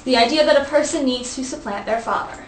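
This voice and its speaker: A woman's voice: sits high, quick pace. A young woman hosting a casual study group, playful as she reads aloud from a book and stumbles over words. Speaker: host. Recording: echoey room, faint background hiss.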